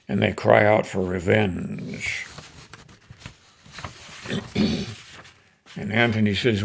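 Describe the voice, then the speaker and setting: A man's voice: on the low side, fairly even intonation. A man teaching Shakespeare, narrating the scene and declaiming the speech with rising force. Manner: slow, gravelly, declamatory. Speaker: teacher reading Shakespeare aloud. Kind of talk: dramatic reading with commentary.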